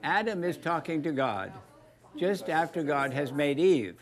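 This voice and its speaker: A man's voice: fairly high pitch, animated, a little slow. A man telling folksy, joking stories about making telescopes, acting out the voices in his anecdotes. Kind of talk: storytelling talk.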